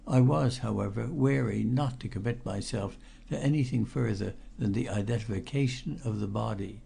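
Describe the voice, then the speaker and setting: A man narrating a first-person mystery audiobook in a measured, grave storytelling manner with a gravelly voice. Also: on the low side, dark tone.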